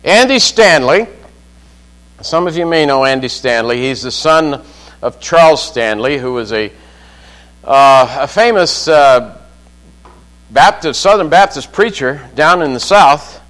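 Slow-preaching man with a high voice. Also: lively intonation, a bit bright, low-quality recording. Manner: slow, measured preaching with questions to the congregation. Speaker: pastor. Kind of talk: sermon.

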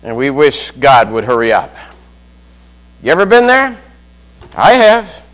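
A man preaching a sermon, slow and measured, often putting questions to his listeners. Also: mid-range voice, very animated, a bit bright, poor audio. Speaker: pastor.

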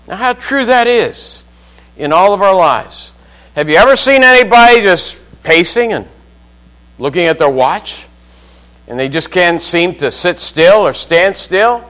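Slow-preaching man with a high voice. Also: animated, a bit bright, poor audio. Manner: slow, measured preaching with questions to the congregation. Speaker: pastor. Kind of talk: sermon.

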